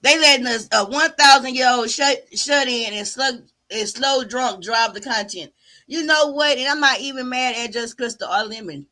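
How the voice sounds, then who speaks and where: A woman's voice: on the high side, normal speed, bright, forceful tone. A middle-aged woman doing casual live-stream commentary in a sassy, drawling way. She often repeats words and trails off mid-thought. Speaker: YouTube commentary host.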